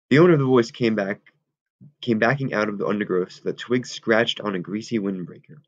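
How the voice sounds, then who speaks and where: A man reading a novel aloud in a steady, measured way. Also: lowish voice, no echo. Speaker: audiobook reader. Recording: dull lo-fi recording.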